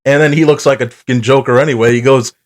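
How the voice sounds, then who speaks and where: A man's voice: mid-range voice, steady tone, fast. A man co-hosting a cartoon podcast, retelling the plot in rambling, profane, casual chat. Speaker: podcast co-host.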